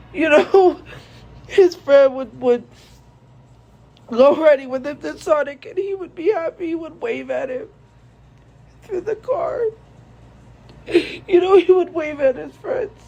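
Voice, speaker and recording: A young woman streamer speaking to viewers in a tearful, halting way, grief-stricken and repeating herself. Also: high voice, dark tone, low-quality recording. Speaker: live streamer. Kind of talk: emotional monologue to viewers.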